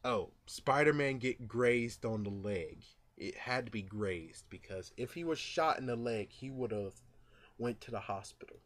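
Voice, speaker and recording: A man vlogging his casual, rambling thoughts on a movie, full of fillers and asides, who gets louder when retelling scenes. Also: medium pitch, expressive, unhurried. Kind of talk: casual movie reaction vlog.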